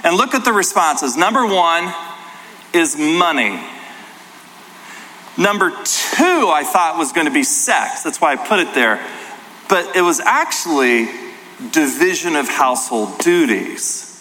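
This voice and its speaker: A middle-aged man pastor giving a sermon, talking in an animated, conversational storytelling way. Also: on the high side, a little slow, pauses often, slight background noise. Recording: hall reverb, faint ambience.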